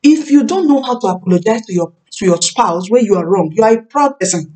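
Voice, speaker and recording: A woman in her thirties preaching a sermon on marriage, emphatic, repeating key phrases and slowing down to stress words. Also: medium pitch, lively intonation, dark tone. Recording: voice a bit far from the mic.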